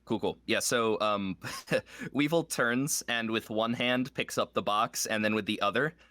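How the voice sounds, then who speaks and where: A man's voice: on the low side, unhurried, pushed and bright, dry recording. A man playing a tabletop game, casually describing his character's actions with many fillers. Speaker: player.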